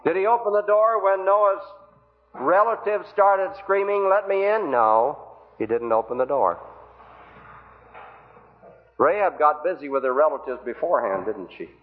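Earnest preacher on a tinny recording. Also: male voice, a little high, lively intonation, a little slow, pauses often. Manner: earnest pleading, rhetorical questions. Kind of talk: evangelistic sermon. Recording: tinny phone-like old recording.

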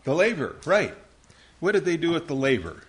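A man's voice: fairly high pitch, huge pitch swings, moderate pace. Man teaching a Bible lesson. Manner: quizzing, patient, calls on listeners by name. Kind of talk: Bible lesson with questions to young listeners.

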